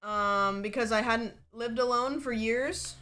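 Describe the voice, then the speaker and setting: A woman's voice: a little high, unhurried, sharp tone. A woman livestreamer chatting casually from a home setup, rambling and peppered with fillers and swearing.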